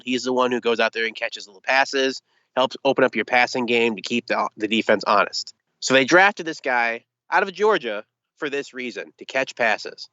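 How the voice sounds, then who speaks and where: Animated young man, bright, exasperated. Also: mid-range voice, clean tone, no echo, muffled recording. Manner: animated storytelling, exasperated, comic. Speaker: podcast guest, sports commentator. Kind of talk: casual sports chat.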